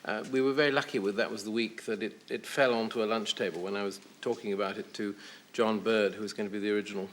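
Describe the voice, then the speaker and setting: A man, a guest on a television chat show, telling anecdotes in a wry, hesitant way with many pauses and fillers. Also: fairly low pitch, fairly even intonation, slight background noise. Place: television studio.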